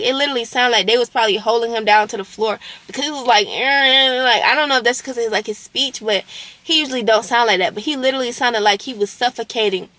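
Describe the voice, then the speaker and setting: A woman's voice: a little high, pushed and bright, no echo. A young woman vlogger recounting a roommate conflict in a casual storytime, candid and indignant, with slang and swearing.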